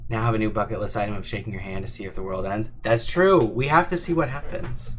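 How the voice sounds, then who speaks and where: A man's voice: lowish voice, fast talker, a bit bright, a little hiss or hum. A man hosting a casual livestream Q&A, rambling and playful, swearing and laughing often. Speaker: audio creator hosting a livestream Q&A.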